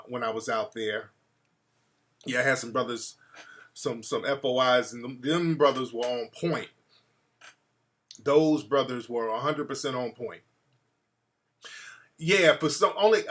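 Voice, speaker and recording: A man hosting a casual live-stream chat, talking in a laid-back, slangy way and giving lots of shout-outs. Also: mid-range voice. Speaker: livestream host.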